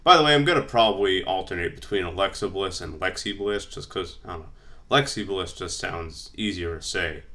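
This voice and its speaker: A man's voice: deep voice, a little fast, bright, forceful tone. A man vlogging casually, rambling with lots of fillers while he reads from his notes. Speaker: wrestling vlogger. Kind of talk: casual fantasy-booking commentary.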